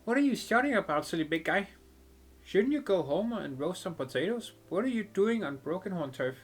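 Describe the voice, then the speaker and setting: A man's voice: high-pitched, big pitch swings, fairly quick, slightly rough, voice pushed up, exaggerated voice. A man doing a sassy little girl. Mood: teasing. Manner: teasing, sassy. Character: cheeky little street girl.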